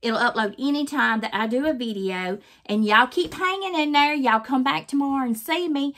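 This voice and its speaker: An older woman from Mississippi talks with a broad Southern accent in a fairly high voice. She rambles on in a folksy, homespun way, chatting casually to her viewers like a grandma at the kitchen table. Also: moderate pace, a bit bright. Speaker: crafting channel host. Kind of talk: casual vlog chat to viewers.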